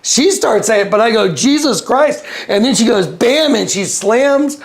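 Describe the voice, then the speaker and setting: A man being interviewed, telling a story in an animated way, acting out the voices and laughing as he goes. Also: normal speed, vocal fry, slight background noise. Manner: acts out quotes with big pitch jumps and laughter. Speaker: interview guest.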